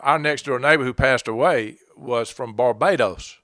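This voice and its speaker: A man's voice: medium pitch, moderate pace, a bit bright, no echo, studio quality. A man from South Georgia hosting a podcast, chatting casually and asking his guest open questions. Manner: conversational, asks open questions. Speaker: podcast host. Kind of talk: casual interview chat.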